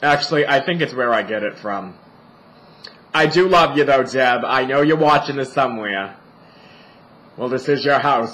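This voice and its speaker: A man's voice: mid-range voice, expressive, normal speed, pauses often, pushed and bright, slight background noise, low-quality recording. A young man in drag, vlogging from a family home indoors, chatting in a campy, sassy, profane and joking way. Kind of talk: campy casual vlog monologue.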